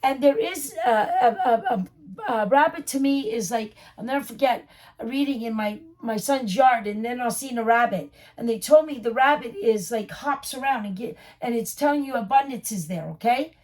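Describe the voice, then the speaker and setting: Woman, high voice, tarot reader, reassuring, repetitive, talks straight to the viewer. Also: moderate pace, darkish tone. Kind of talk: casual tarot reading to camera.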